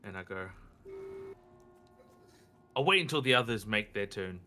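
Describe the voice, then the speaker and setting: A man at a tabletop game talks through his moves, stopping and restarting as he thinks. His voice sits a little low but sounds bright and edged. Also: lively intonation, soft background music. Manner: thinking aloud, halting. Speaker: player. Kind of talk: casual tabletop gameplay talk.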